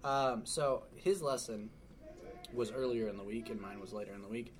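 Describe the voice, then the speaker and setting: A man's voice: medium pitch, normal speed. A man telling stories in a casual chat, acting out what people said. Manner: animated storyteller, mimics quoted people.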